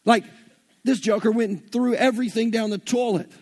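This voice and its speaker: A man's voice: extremely high pitch, fairly even intonation, normal speed. A man with a Southern US accent preaching an earnest, folksy sermon and retelling scripture in everyday slang. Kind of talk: conversational sermon.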